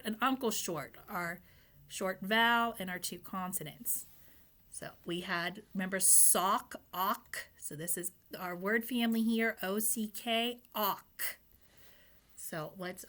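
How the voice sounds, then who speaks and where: Speaking directly to young children at an unhurried pace, a woman with a medium-pitched, bright, forward voice leads a phonics lesson. She sounds out words and spells them letter by letter, asking gentle questions along the way to draw out the children's answers.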